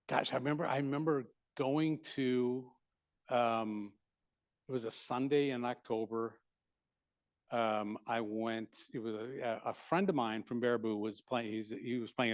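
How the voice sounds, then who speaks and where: A middle-aged man tells his own story to a live audience, stopping and restarting often and poking fun at himself. His voice sits at an ordinary pitch and sounds close and dry, with little room around it. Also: no echo. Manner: halting, many restarts and fillers, self-mocking humor. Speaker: speaker at a library talk. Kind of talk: personal story told to an audience.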